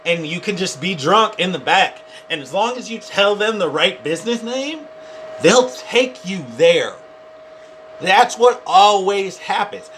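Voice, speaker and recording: A young man telling a funny personal story to camera in a rambling, animated way, full of "like". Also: sits high, measured pace, slight background noise. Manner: rambling, animated, heavy use of "like". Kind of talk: casual comedic storytime.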